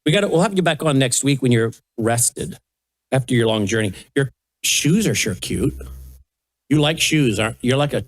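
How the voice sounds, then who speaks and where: Older man coaxing a toddler, lively. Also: medium pitch, normal speed, dry recording, studio quality. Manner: soft coaxing baby talk. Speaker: host. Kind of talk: casual chat with a toddler on air. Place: broadcast studio at a news desk.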